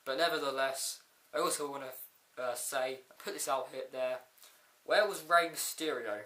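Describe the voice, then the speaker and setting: Excitable man with a bright, echoey voice. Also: mid-range voice, normal speed. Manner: excitable, rambling, with frequent fillers and outbursts. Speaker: wrestling reviewer. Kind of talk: casual video review. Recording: echoey room.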